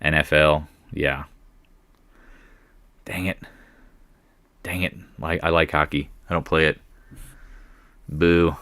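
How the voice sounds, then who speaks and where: A man hosting a live market commentary stream, chatting with viewers in a rambling way and breaking into excited outbursts when prices move. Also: extremely low pitch, takes it slowly, pauses often, dry recording, studio quality. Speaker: market commentary livestream host.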